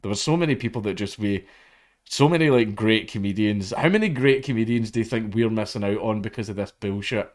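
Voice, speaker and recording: A man's voice: lowish voice, brisk. A man giving blunt, profane, casual commentary and retelling a story. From Scotland. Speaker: commentary host.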